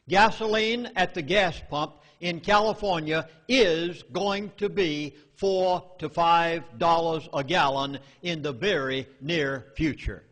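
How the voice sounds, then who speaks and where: A man's voice: a little high, a bit bright. Emphatic Southern man lecturing in a hall. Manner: emphatic, urgent, dramatic warnings. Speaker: public speaker. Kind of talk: public lecture to a live audience. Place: meeting hall. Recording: echoey hall reverb.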